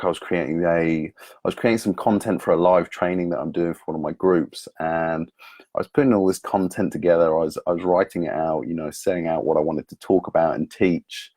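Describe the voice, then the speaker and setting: A man's voice: deep voice, a little mellow, no room sound. A man, a personal development coach, talking through his day in an earnest, candid vlog monologue. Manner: earnest, candid, self-motivating.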